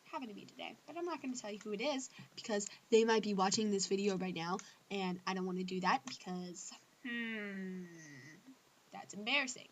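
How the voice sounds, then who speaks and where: A teenage girl ranting casually to her camera about things she hates, acting out other people's lines in squeaky voices. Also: a little fast, a little hiss or hum. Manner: animated, acts out others in high squeals. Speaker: vlogger. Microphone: built-in camera mic.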